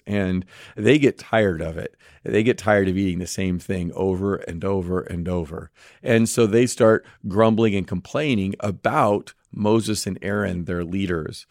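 A man's voice: sits low, a little mellow, no echo, clean studio sound. A middle-aged pastor co-hosting a podcast, talking earnestly to listeners and asking them questions as he teaches. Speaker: pastor co-host. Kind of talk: podcast sermon-style talk.

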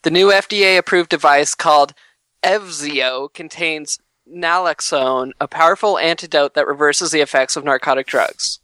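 A man's voice: a little high, normal speed, bright, forceful tone, clean tone, dry recording. A man co-hosting a casual podcast, reading news items aloud and joking about them. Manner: reads headlines then riffs jokingly.

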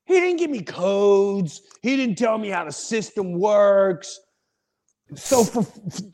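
A middle-aged man hosts a podcast and tells a comic story in a relaxed, animated way, acting out other people's lines as he goes. His voice sits fairly high for a man and leaps up and down with lively expression. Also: a little slow. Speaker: podcast host.

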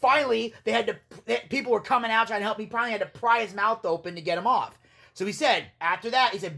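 A man's voice: high-pitched, quick pace, vocal fry, bright, forceful tone, breathy edge. A man hosting a casual podcast, telling wrestling stories in a rambling, profane way and laughing as he goes. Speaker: podcast host. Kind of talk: casual storytelling recap.

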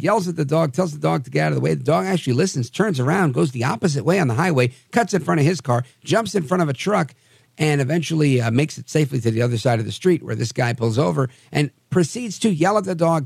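A man hosting a podcast, telling odd news stories with wry, animated asides. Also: fairly high pitch, vocal fry, husky, dry recording, clean studio sound. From New Jersey area. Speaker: podcast host. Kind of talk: casual news commentary.

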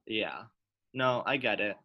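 A young adult man in casual chat with friends, relaxed and chatty, filling his talk with "like". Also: lowish voice, slow, dull audio.

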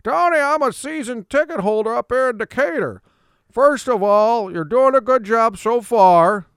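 A man putting on the voice of an excitable, folksy male sports fan calling a radio show, with a high, loud and drawn-out delivery. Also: smooth, dry recording, studio quality, full character voice. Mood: excited. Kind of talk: put-on voice in radio storytelling.

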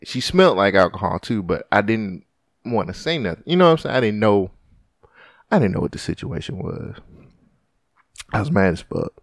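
Gravelly low-voiced male podcast host. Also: moderate pace, long pauses, no room sound, studio quality. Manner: profane, animated, restarts often. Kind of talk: casual storytelling chat.

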